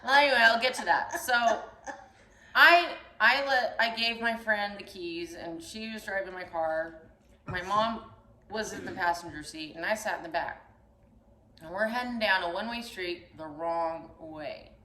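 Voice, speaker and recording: A young woman telling a story in casual chat, animated and acting out the voices in it. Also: mid-range voice, normal speed. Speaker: storyteller host. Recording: echoey room.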